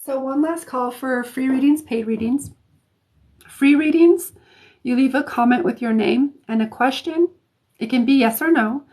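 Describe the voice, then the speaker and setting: A woman's voice: sits high, measured pace, a little mellow. A woman hosting a live stream of intuitive readings, talking casually to viewers, chatty with many fillers and restarts.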